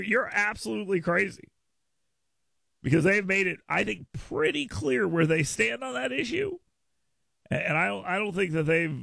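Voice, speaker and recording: A man's voice: high voice, creaky, a bit bright, no room sound. An American man hosting a talk radio show, giving his opinions in a monologue. He stammers and restarts often, doubling the first words of his sentences. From United States.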